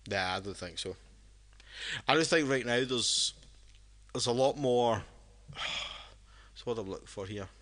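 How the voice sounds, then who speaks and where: A man's voice: mid-range voice, measured pace, pauses often, fairly bright tone. A drunk man, co-hosting a casual podcast chat and rambling with many restarts. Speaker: podcast co-host.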